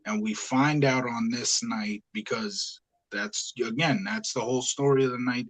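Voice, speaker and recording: Casual guy hosting a wrestling-review podcast, mid pitch, rambly easygoing chat, lots of uh's. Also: steady tone, measured pace, fairly bright tone, breathy edge, low-quality recording. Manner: talkative, easygoing, frequent "uh" and "yeah". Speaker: podcast host.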